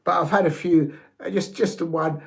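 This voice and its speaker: Excitable rambling football fan host. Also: male voice, a little high, normal speed, vocal fry. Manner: excitable, rambling, stumbling over words. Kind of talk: live watch-along commentary and predictions.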